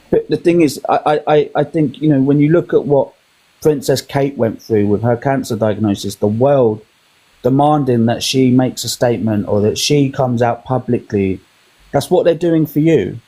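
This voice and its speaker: British man, mellow voice, calm, advising, live-stream chat. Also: medium pitch, poor audio.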